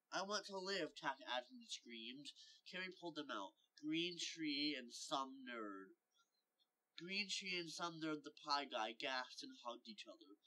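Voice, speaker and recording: A man's voice: on the high side, pushed and bright, rough recording. A man reading a homemade story aloud, stumbling over words now and then and lifting his voice for the characters' lines.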